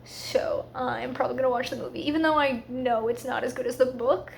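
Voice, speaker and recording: Casual woman book vlogger, high voice, chatty and loose, faint room ambience behind. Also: fairly even intonation, creaky, slight background noise. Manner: chatty, frequent fillers like "like"; quick, slightly rushed asides. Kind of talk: casual reading vlog chat.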